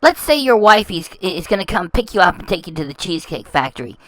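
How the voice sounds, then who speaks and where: A woman's voice: on the low side, very animated, quick pace, no room sound, rough recording. Scornful woman mocking a clip, dry sound. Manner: scornful, insulting, stumbles and repeats words. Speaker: reaction channel host. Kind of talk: mocking commentary over clips.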